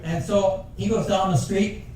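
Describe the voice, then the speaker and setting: A man's voice: high-pitched, fairly even intonation, a little slow, darkish tone, a little hiss or hum. An older man telling folksy, rambling jokes at a passenger talent show. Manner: folksy storyteller with rambling asides. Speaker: talent show joke teller. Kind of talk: stand-up joke telling. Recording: echoey room taped from far off.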